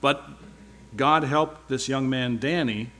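A man's voice: mid-range voice, slow, pushed and bright, slight background noise. A man speaking at church, giving a rambling, informal sermon-style report with wry asides.

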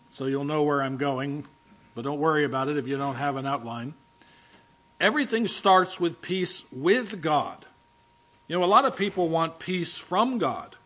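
A man's voice: on the high side, fairly bright tone, highs cut off. A man preaching a sermon as pastor, talking conversationally and directly to his congregation in a church.

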